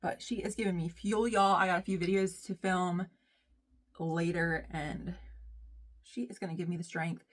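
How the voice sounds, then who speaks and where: A woman's voice: fairly low pitch, fairly even intonation, normal speed. Chatty woman vlogging. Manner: chatty, rambling, says "y'all" often. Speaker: beauty vlogger. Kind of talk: casual chat while doing makeup.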